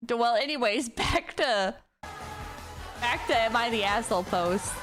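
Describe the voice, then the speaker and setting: A woman's voice: a little high, measured pace. A young woman streamer with a teasing, giggly way of talking, chatting casually and reading a post aloud. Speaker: streamer host. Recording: streaming mic with music behind. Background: background music.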